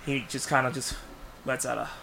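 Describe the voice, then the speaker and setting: A man in casual podcast chat, pitching a movie plot in rambling bursts with many restarts. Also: flat delivery, a little fast, gravelly, slight background noise. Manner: rambling storyteller, many restarts, bursts of loud acted lines. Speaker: podcast co-host.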